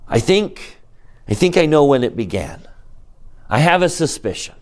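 A man teaching a scripture class who keeps asking the class questions, swinging between soft asides and emphatic rises. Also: a little high, big pitch swings, moderate pace. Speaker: religious teacher.

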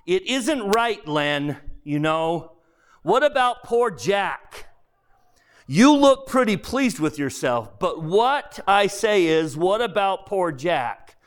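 A bullish big ghost bristles with grievance, his pitch climbing as his outrage grows, as a man reads him aloud. He speaks slowly and with wide swings of pitch, like a wronged man demanding answers. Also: big pitch swings, heavily acted. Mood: indignant.

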